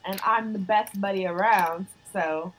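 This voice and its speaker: A woman role-playing her character at the table. Her voice is mid-pitched and her delivery is dry and unimpressed. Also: steady tone, a little slow, a little hiss or hum, rough recording. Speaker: player.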